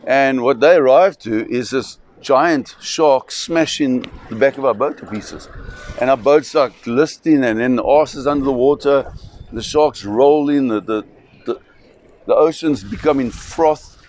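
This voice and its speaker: A man's voice: medium pitch, normal speed, darkish tone. A man telling a dramatic story vividly, often restarting phrases. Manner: vivid, restarting, acts out voices. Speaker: shark expedition operator.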